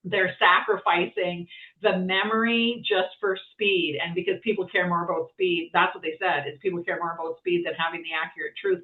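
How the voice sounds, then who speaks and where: A woman guest chatting casually, rambling with lots of fillers and restarts. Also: lowish voice. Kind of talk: casual conversation. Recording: tinny phone-like sound from far off.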